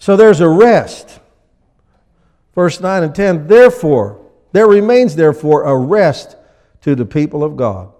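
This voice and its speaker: A man preaching a sermon as pastor, acting out people in little scenes with lively energy. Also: on the high side, big-room sound. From USA.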